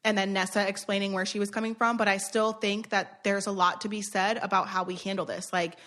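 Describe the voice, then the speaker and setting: A woman's voice: mid-range voice, level tone, brisk, a bit bright. A woman co-hosting a podcast, talking earnestly in casual chat and repeating phrases to make her point. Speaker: podcast co-host.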